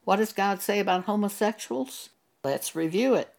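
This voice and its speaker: A woman's voice: medium pitch, animated, gravelly, darkish tone. A woman preaching a sermon in an earnest manner, reading scripture aloud in old-fashioned wording. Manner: slow, earnest, reads scripture aloud in King James wording. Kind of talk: sermon monologue.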